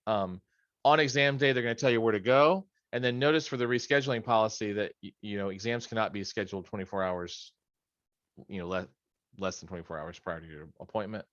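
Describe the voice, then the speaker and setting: A man's voice: lowish voice, brisk, fairly bright tone, no echo, lo-fi sound. A middle-aged man leading a study session on a video call from his home office, in a casual, rambling way with joking asides. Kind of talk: casual training talk.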